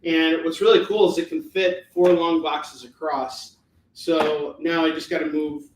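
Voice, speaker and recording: A man's voice: a little high, flat delivery, measured pace, slight background noise. A man hosting a live shopping stream, chatting casually and rambling with many fillers, at home. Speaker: live shopping show host. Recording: echoey room, mic at a distance.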